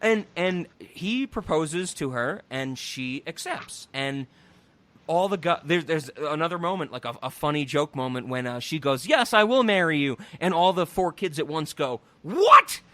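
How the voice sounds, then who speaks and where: A man's voice: fairly high pitch, normal speed. A man hosting a casual podcast, telling a movie's plot and acting out the characters' lines. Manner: animated storytelling, acts out quotes. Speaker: podcast host. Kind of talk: casual chat.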